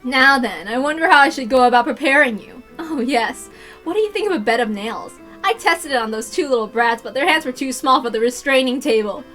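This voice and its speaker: A woman's voice: high-pitched, expressive, fairly bright tone, soft background music. Woman voicing a gloating teen girl villain. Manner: menacing, taunting, slow.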